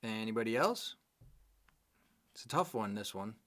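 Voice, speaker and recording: A man's voice: lowish voice, expressive, normal speed, fairly bright tone. Male English exam teacher, live online class, patient explainer, keeps checking in with students. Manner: explains patiently, often checks with "okay?" and "right?".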